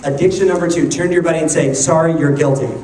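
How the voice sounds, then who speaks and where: A man giving an energetic motivational talk to a live audience, joking and firing questions at the crowd. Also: on the high side, quick pace, noisy background. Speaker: motivational speaker. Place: large conference hall. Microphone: handheld camcorder in the audience. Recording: echoey hall taped from far off on a camcorder.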